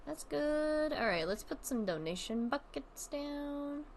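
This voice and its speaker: A woman's voice: high voice, lively intonation, slow pace, slight background noise. A woman streaming a game in casual chat, rambling and chatty, often trailing off, restarting and swearing casually. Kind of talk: casual chat while playing a zoo-building game.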